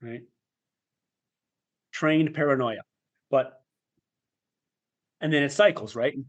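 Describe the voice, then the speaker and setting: A man speaking as a guest on a podcast, telling a personal story in a reflective, halting way. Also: on the high side, highs cut off. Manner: reflective and halting, with fillers and restarts.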